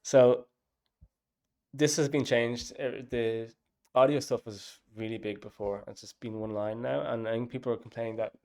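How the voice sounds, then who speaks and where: In a casual dev log, an app developer muses aloud about his app's design, leaning on lots of fillers. His voice is mid-range and a little mellow, with a steady tone and a moderate pace.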